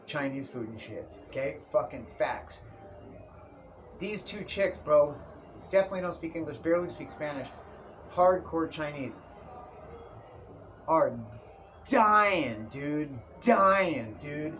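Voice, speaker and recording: Man, young adult, fairly high voice, casual comic storytelling, profane slang, faint background noise. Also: measured pace, pauses often. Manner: profane, slangy, keeps saying dude and bro. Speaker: vlogger. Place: indoors, Tijuana area.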